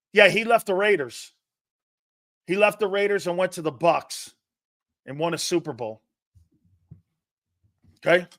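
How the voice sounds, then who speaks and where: A man's voice: a little high, no room sound, clean studio sound. Blunt, brash male sports talk host. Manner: blunt, combative, swears freely, mocks soft opinions. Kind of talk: opinionated sports talk, reading chat.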